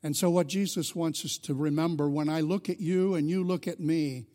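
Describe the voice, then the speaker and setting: A man's voice: a little high, fairly even intonation, moderate pace, dark tone. A middle-aged male pastor delivering a sermon, earnest and building to fervent emphasis.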